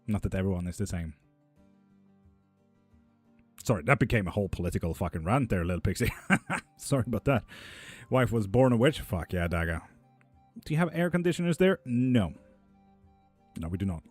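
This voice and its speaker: A man's voice: low voice, a little mellow, husky. Swearing, laid-back male stream host. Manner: profane, laughs often, loose and joking. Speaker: live stream host reading chat questions. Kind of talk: casual live-stream chat. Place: indoor room with a fan running.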